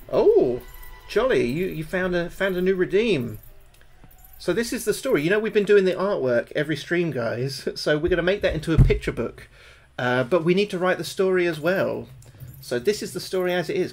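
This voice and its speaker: Excitable sweary man streaming. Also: a little high, moderate pace. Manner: excitable, swears a lot, yelps when scared. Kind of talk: live gameplay commentary.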